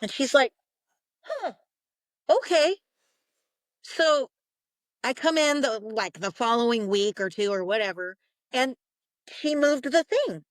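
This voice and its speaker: A woman's voice: fairly high pitch, lively intonation, a little slow, no room sound. A woman, a psychic medium guest, telling a story in an interview, acting out the voices she quotes and laughing often.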